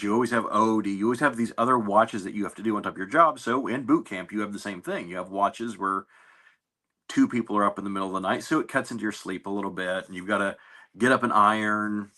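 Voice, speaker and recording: A man in an interview, telling stories about his navy service in a relaxed, anecdotal way with fillers and restarts. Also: fairly low pitch. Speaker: navy veteran guest. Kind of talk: casual interview storytelling.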